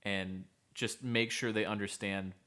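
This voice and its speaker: A man with a low voice co-hosts a casual podcast. He speaks as a therapist, earnest and measured, and lays out advice step by step. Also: fairly even intonation, pushed and bright.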